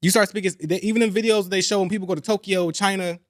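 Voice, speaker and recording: A young man hosting a podcast, talking in a casual, animated and profane way, repeating points for emphasis. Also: high voice, quick pace, no echo, studio quality. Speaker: podcast host. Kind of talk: casual chat.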